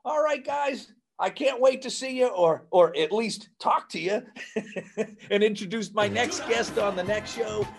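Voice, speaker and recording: A male podcast host with a slightly raspy voice, wrapping up his show with enthusiastic, promotional energy. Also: high voice, unhurried, soft background music. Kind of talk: upbeat show outro.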